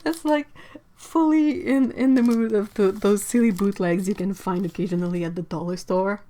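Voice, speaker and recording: A woman's voice: mid-range voice, steady tone, normal speed, mellow. A young woman hosting a livestream, chatting casually and giggling to her viewers while she paints.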